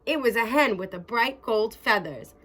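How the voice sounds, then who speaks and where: A woman reading a children's picture book aloud, expressive and dramatic. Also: a little high, normal speed, very noisy. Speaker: storyteller. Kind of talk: children's read-aloud narration.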